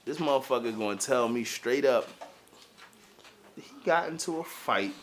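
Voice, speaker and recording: A male podcast host with a lively, swinging voice, spinning crude stories and laughing through them. His pitch is mid and his delivery is loose and jokey. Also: normal speed, a little hiss or hum. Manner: profane, laughing storyteller. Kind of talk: casual comedic banter.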